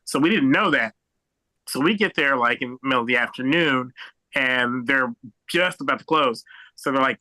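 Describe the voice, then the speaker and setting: A young American man doing a stand-up set over a video call, halting and rambling with many fillers and restarts. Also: medium pitch, animated, pushed and bright, no room sound, low-quality recording. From United States. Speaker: stand-up comedian.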